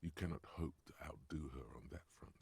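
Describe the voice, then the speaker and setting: A grim inner narrator from a video game, with a very low, gravelly voice and a husky, rough edge. He speaks gravely and measuredly, as if warning the listener. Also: fairly quick, a little mellow, full character voice. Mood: ominous. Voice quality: deep and gravelly. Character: brooding adult male inner-voice narrator.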